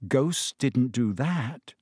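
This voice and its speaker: A man's voice: on the high side, very animated, normal speed, breathy edge, no echo, clean studio sound, voice pushed up. A man voicing a brave teenage schoolboy wizard, speaking tensely and urgently.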